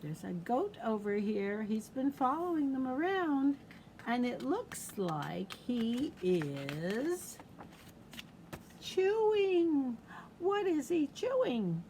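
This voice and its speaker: A children's librarian reading picture books aloud at storytime, animated and asking the children questions. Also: female voice, sits high, takes it slowly, a little hiss or hum.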